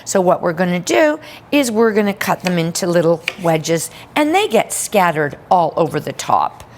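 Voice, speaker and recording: A woman's voice: on the low side, big pitch swings, moderate pace, a little hiss or hum. A woman giving an upbeat cooking demonstration in a kitchen, chatting with playful asides.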